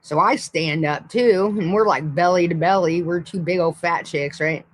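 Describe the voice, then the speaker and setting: A woman's voice: fairly low pitch, moderate pace, a little hiss or hum, rough recording. Blunt, foul-mouthed woman telling a story. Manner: profane, rambling, blunt. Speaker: livestream host. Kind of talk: casual storytelling.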